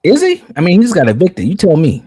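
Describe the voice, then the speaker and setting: A man hosting a loose online chat, his voice swinging up and down with lively energy. He is blunt and profane. The sound is close and dry, with no room around it. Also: sits high, fast, husky, no echo, rough recording. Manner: animated, blunt and profane, acts out others' words. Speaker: show host. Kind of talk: casual live chat.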